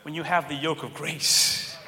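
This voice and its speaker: A man preaching a sermon in a church, animated and joking, pulling the crowd in with questions. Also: on the high side, a little slow. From Cape Verdean heritage. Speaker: pastor. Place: large church hall. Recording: long church hall reverb, faint room noise.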